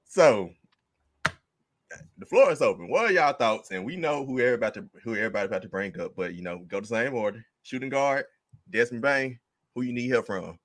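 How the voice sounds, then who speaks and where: A man with a medium-pitched, expressive voice hosts a casual sports podcast, talking fairly quickly. He's easygoing, laughs often, and keeps the conversation moving. There's slight background noise.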